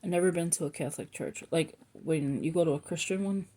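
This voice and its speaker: Speaking a little fast in a low, dark voice, a middle-aged woman who vlogs about planners chats casually from home. She rambles and interrupts herself, often drifting off topic and coming back around.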